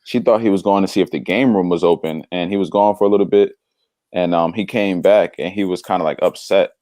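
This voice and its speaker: A man in casual conversation telling a story, animated and slangy, acting out the voices of the people in it. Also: low voice, brisk, dry recording, clean studio sound. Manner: slangy, drops "bro". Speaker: devotional podcast co-host.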